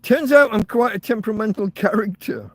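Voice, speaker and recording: An English man with a high voice pours out an agitated, profanity-laced rant on his podcast. He sounds close to tears with frustration. The sound is close and dry. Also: a little fast, no echo. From England. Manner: agitated, swearing, near tears. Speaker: podcast host. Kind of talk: angry ranting monologue.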